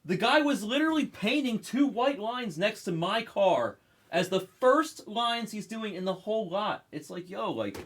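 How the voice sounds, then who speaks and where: A man hosting a live card break, telling a story in an animated, profane rant. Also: sits high, normal speed, breathy edge.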